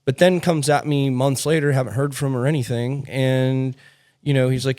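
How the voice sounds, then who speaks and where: A man's voice: mid-range voice, brisk. A man hosting a podcast, telling stories in a blunt, casual way and swearing freely. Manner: animated, blunt storytelling with swearing. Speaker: podcast host. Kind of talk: casual chat.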